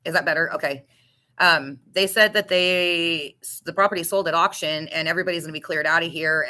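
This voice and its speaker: A woman's voice: on the low side, sharp tone, poor audio. A woman giving a candid, emotional personal testimony about her recovery, talking with restarts and blunt swearing. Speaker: recovery storyteller.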